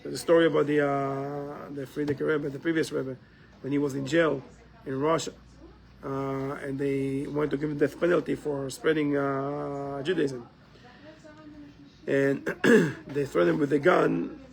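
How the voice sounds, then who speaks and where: A man's voice: a little high, little pitch movement, a little slow, vocal fry, low-quality recording. A man teaching a live class in a community center, explaining step by step and often checking in with "right?".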